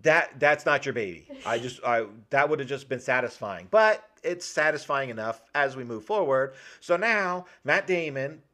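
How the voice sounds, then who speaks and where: A man's voice: mid-range voice, animated, normal speed, few pauses, pushed and bright. A man co-hosting a casual chat, retelling a film's plot with lots of swearing and acted-out quotes. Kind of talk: casual movie recap chat.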